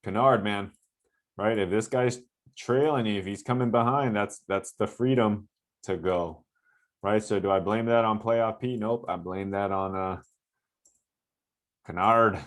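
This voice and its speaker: A low-voiced man who trains basketball players breaks down game film in a loose, conversational way. He gets animated over good plays and keeps checking in with the listener. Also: unhurried, pauses often. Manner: animated, coaching asides with frequent "right?". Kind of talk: casual film-breakdown commentary.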